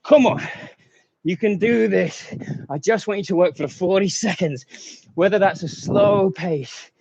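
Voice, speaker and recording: A fitness coach leads a live workout, panting as he counts down the seconds and spurs people on between quick laughs. His voice is high, gravelly, husky and somewhat dark, with a measured pace and a dry recording. The audio sounds like dull, lo-fi stream sound.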